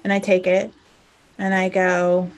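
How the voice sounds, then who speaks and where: This spiritual teacher and life coach, a woman, keeps her fairly low voice unhurried. Speaking loosely to the camera, she stays lively and conversational, checks in with "okay?" again and again, and acts out each side of a disagreement herself.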